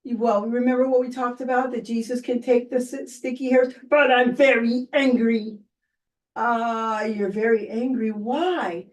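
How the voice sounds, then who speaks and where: A woman hosting a children's program who talks to the boys and girls in an animated, exclaiming way. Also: on the high side, moderate pace, few pauses, far from the mic, poor audio. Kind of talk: children's show presenting.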